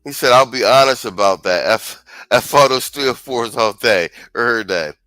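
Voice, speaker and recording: A man's voice: mid-range voice, moderate pace, sharp tone, no room sound, rough recording. A man hosting a show, giving blunt, slangy, casual commentary on clips and reading viewer comments aloud. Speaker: show host.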